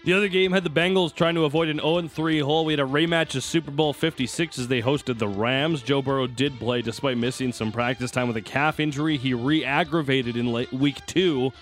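A man at a medium pitch delivering a sports radio game recap, moving steadily through plays and scores. Faint music sits under his voice. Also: steady tone, brisk, hardly any pauses. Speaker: sports radio co-host giving the morning report.

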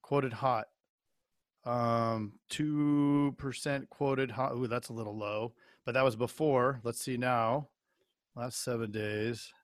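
A man's voice: medium pitch, steady tone, slow, no room sound. A man with a mid-range voice talks through figures on a casual show, stumbling and restarting as he thinks aloud. The recording is dry, with no room sound. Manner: thinking aloud, stammers while reading out data. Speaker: podcast co-host. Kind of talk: casual chat.

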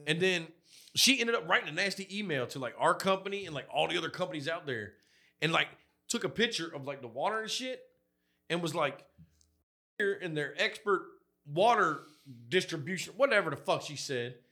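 A man's voice: a little high, expressive, a little fast, husky. A man, co-hosting a podcast and telling profane work stories, acting out the people he quotes. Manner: profane storyteller, acts out quotes loudly. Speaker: podcast co-host. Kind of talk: crude casual chat.

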